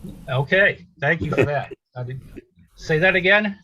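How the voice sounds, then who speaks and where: A man's voice: fairly high pitch, animated, moderate pace, pushed and bright, muffled recording. A musician chatting casually over a video call, introducing his song in a rambling way with lots of ums and uhs. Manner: rambling, filler-heavy. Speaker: musician performer. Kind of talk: casual chat.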